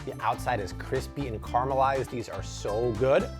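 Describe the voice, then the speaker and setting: A man's voice: mid-range voice, moderate pace, over music. A man hosting a cooking tutorial in his kitchen, talking to viewers in an enthusiastic, chatty way. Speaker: cooking show host. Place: home kitchen at the stove.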